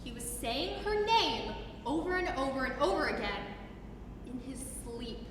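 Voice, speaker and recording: Young woman, high voice, theatrical recital delivery, unhurried, distant roomy hall recording with piano. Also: a little hiss or hum. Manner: theatrical, expressive stage delivery. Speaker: student recital performer. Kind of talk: recital singing with piano and an acted monologue. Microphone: distant room mic. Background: piano accompaniment.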